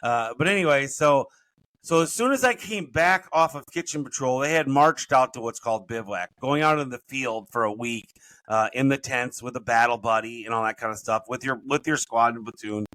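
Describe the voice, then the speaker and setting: A man's voice: mid-range voice, moderate pace, fairly bright tone, rough recording. A middle-aged man, a podcast guest and business coach, telling his stories in a rambling, self-correcting way. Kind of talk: casual storytelling interview.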